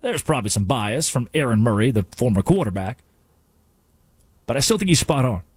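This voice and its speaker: Husky, animated male sports radio host. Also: mid-range voice, fairly quick, no echo, clean studio sound. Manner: animated, ranting, sarcastic. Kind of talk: sports talk radio monologue.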